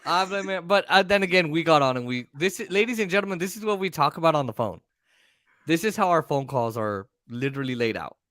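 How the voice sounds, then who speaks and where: Animated, bright-voiced man telling stories. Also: fairly high pitch, a little fast, no echo, studio quality. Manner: animated, profane, acts out voices. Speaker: podcast co-host. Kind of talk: casual storytelling chat.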